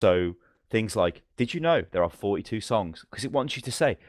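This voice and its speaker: Blunt low-voiced co-host. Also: male voice, expressive, normal speed, no echo. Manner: blunt, sweary, mocking in quoted voices. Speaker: podcast co-host. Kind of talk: casual chat. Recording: dry close mic.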